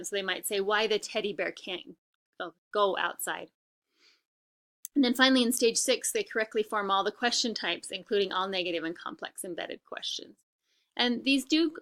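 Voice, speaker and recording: A woman lecturing in a bright, clear-edged voice. She explains step by step, pausing on ums and restarting her sentences. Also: mid-range voice. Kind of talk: recorded lecture.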